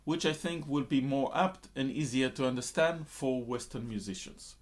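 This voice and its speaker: A man teaching a rhythm lesson, explaining slowly and then counting in and reciting drum syllables loudly in time. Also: mid-range voice.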